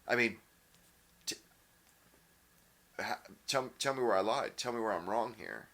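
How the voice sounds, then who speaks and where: A man hosting his own channel, ranting casually in a blunt, profane way, with many halting restarts and fillers. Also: lowish voice, fairly bright tone. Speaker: channel host. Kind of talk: casual opinion rant.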